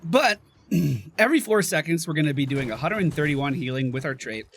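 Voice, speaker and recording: A man's voice: a little high, expressive, brisk, fairly bright tone. A man giving casual let's-play commentary, chatting through the abilities as he plays and reacting to the action. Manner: chatty, explains abilities while playing. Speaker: gameplay commentator.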